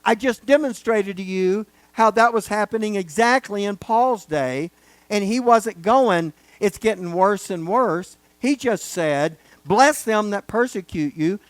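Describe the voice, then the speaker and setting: A man's voice: high-pitched, expressive, measured pace, dry recording. A man teaching a Bible study lecture, talking casually and then stressing key words with rising force. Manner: emphatic, building to loud stresses on key words.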